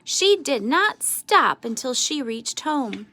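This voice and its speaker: A woman reading a children's storybook aloud with expressive, sing-song narration. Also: sits high, slow pace, few pauses, no room sound. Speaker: storybook reader.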